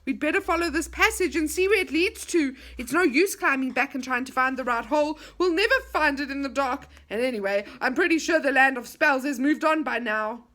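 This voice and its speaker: A woman voicing an excitable, fretful small male character from a storybook. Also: high voice, a little fast, few pauses. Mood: chatty.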